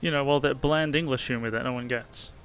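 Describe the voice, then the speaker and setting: A man co-hosting a game livestream, wry and quick to laugh. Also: mid-range voice, steady tone, a bit bright, slight background noise. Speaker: livestream co-host and player. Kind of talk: casual gaming chat.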